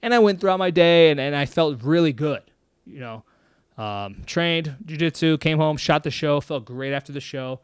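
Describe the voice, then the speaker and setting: A man hosting a mental health show, talking casually to his viewers in an energetic, emphatic way and laughing often. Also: fairly high pitch, normal speed, smooth, no room sound, studio quality. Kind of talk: casual monologue to camera.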